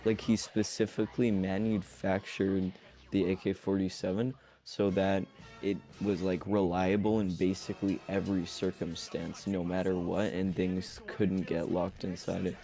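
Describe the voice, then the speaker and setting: Guy rambling on a call, kinda low voice, lots of ums and likes. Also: level tone, normal speed, warm tone, soft background music. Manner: rambling, lots of fillers and restarts. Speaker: channel host debating on a call. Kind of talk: casual chat.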